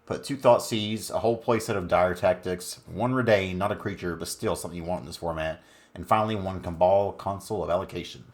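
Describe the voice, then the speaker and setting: A man's voice: sits low, fairly quick. A man hosting his own channel, giving casual, laid-back commentary on a card game deck with frequent fillers.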